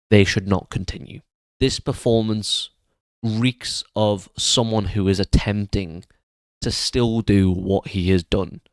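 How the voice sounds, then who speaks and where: A man with a lowish voice delivers an earnest, blunt film review. His words come through dry and close, with no room sound around them. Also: no echo.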